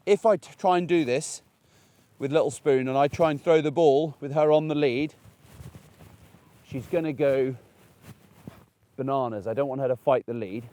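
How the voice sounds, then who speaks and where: A man's voice: mid-range voice, warm tone. A man, a dog trainer, chatting and explaining as he demonstrates puppy training outdoors, with frequent restarts. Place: outdoors in a paddock.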